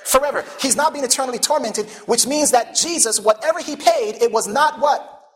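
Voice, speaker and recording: A man preaching a sermon, pausing often to ask the congregation questions and leading them toward each answer. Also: very high voice. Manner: call-and-response questions to the congregation; animated, emphatic preaching.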